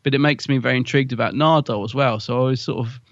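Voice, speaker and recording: Male podcast co-host, gravelly, dry close sound, musing and rambling. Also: mid-range voice, fairly even intonation, very fast, no room sound, highs cut off. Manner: rambling, musing, lots of fillers. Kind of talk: casual chat.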